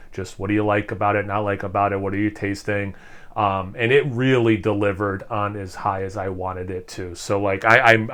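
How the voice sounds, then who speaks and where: A man doing a casual beer tasting review, enthusiastic and rambling, full of fillers and restarts as he sips and savors. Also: on the low side. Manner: speaking while sipping and savoring.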